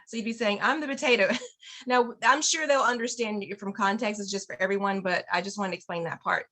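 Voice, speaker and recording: A woman's voice: mid-range voice, brisk, sharp tone. A woman teaching an online Spanish class to parents, cheerful and encouraging, laughing often over a video call.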